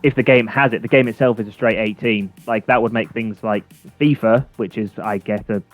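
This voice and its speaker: A man's voice: on the low side, steady tone, a little fast, no echo. A man co-hosting a games chat show, rambling with fillers and restarts and chuckling as he talks. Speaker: co-host. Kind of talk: casual chat. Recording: dull lo-fi sound with faint music.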